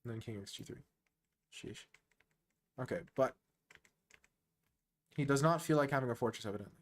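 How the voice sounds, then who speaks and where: A man streaming casual live chess commentary, excitable and slangy, talking straight to the player he is watching. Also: medium pitch, normal speed.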